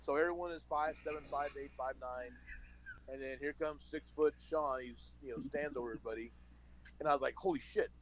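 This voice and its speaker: Animated man telling a story. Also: medium pitch, a little fast, dull audio, a little hiss or hum. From San Antonio, Texas. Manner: animated storyteller, acts out phone calls. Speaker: podcast guest, former wrestler. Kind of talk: casual storytelling.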